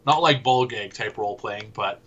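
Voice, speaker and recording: A man co-hosting a casual sports podcast, joking and animated as he makes his points. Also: lowish voice, normal speed, dull audio. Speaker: podcast co-host.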